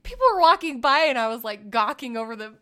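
A woman in her thirties, co-hosting a casual chat and telling family stories with animated acted-out quotes. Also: a little high, quick pace. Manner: animated storytelling, acts out quotes. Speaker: podcast co-host.

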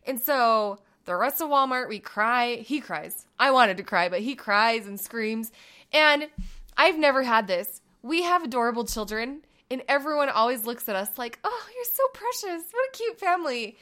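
A woman in her thirties, a mother chatting casually with her husband, telling stories in an animated way and acting out quotes. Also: fairly high pitch, normal speed, smooth. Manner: animated storyteller who acts out quotes and laughs often. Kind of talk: casual chat.

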